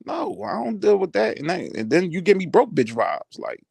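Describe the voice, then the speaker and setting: A man's voice: high voice, huge pitch swings, normal speed, creaky, a little mellow, husky, dry recording. A man hosting a casual live chat, brash and boastful, laughing often.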